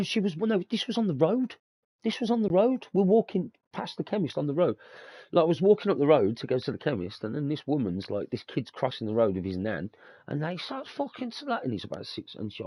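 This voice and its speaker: A young male podcast host talks briskly and with lots of animation, his medium-pitched voice dark with a breathy edge, recorded dry. He tells stories in easygoing chat, swears freely, laughs often, and drops "bruv" and "mate."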